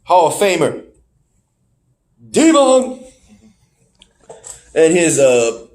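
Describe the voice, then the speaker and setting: A man co-hosting a podcast, recapping wrestling shows in casual chat, animated and swearing freely. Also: extremely slow. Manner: animated, swearing, jumps in pitch when surprised. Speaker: podcast co-host.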